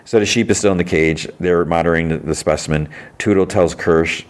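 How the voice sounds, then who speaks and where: A man's voice: deep voice, fairly even intonation, a little fast. A man hosting a podcast, casually retelling a TV episode and quoting the characters' lines. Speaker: podcast host.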